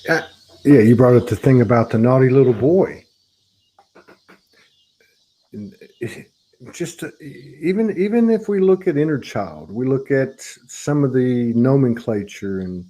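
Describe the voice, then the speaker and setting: A male host speaks at a very slow, deliberate pace in a mid-range voice. His talk is conversational but emphatic and blunt, leaning hard on his points. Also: medium pitch, mellow, poor audio.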